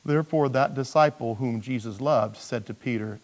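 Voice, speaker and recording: A male pastor delivering a sermon in a relaxed, talky way, often restarting phrases. He now and then jumps into playful high voices to act out characters. His voice rings out with a long hall reverb. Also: measured pace. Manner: conversational, with frequent restarts and jokey high-pitched character voices.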